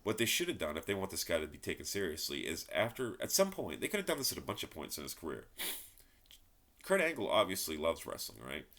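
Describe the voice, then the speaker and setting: A man's voice: deep voice, huge pitch swings, quick pace, a bit bright. A man giving a frustrated, rambling wrestling review, swearing and repeating himself. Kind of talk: ranting solo commentary.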